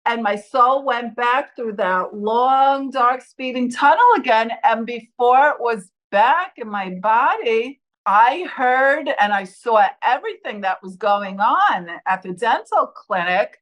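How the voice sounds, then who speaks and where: A woman's voice: on the high side, slow, few pauses, rough recording. A woman from the New York area telling her personal near-death story in earnest, acting out what others said. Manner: earnest, acts out quotes with lively voices. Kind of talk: personal testimony, told in her own words.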